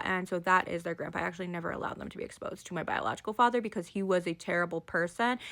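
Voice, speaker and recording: A woman in her thirties telling family stories in a casual monologue, sarcastic and deadpan on the punchlines. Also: mid-range voice. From Idaho, US. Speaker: storyteller.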